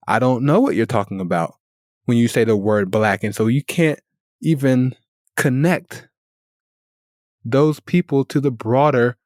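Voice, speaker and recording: A man's voice: mid-range voice, darkish tone, dry recording, studio quality. A middle-aged man hosting a solo podcast, talking earnestly and persuasively in strings of rhetorical questions. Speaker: podcast host.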